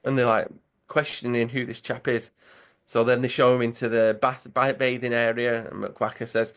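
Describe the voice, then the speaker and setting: Sex: man. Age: adult. Role: podcast co-host. Style: casual, animated comic-story retelling over a video call. Pitch: middle. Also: moderate pace, clear, resonant tone. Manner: animated, acts out characters' lines.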